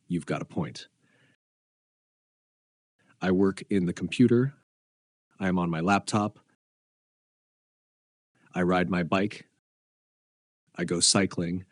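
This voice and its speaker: A man reading short English practice phrases one by one, with an even, deliberate delivery. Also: deep voice, slightly rough, no room sound, studio quality. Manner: slow, evenly spaced, deliberate delivery.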